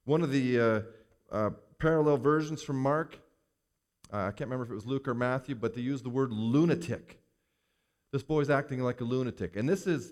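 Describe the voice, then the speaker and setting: A pastor reading a scripture passage aloud and then preaching on it, repeating points for emphasis. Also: male voice, mid-range voice, a little mellow. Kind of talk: sermon.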